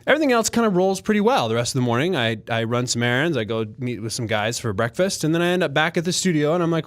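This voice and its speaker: A man co-hosting a podcast, telling a long story in a casual, animated way and acting out other people's voices. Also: mid-range voice, quick pace, few pauses. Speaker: podcast co-host.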